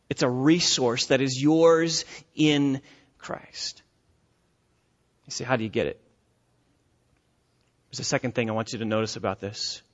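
A man preaching a sermon, emphatic and repetitive, swinging between loud urging and quiet earnestness. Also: fairly high pitch, dull audio. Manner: emphatic, repetitive preaching with rising and falling intensity. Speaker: pastor.

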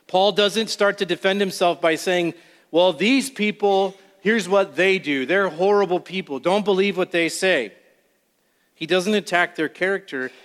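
A man with a somewhat high voice teaches through scripture in a church sanctuary, stressing key words with slow, deliberate emphasis. His voice carries a long reverb that rings through the big hall. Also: a bit bright. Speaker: pastor. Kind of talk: expository sermon.

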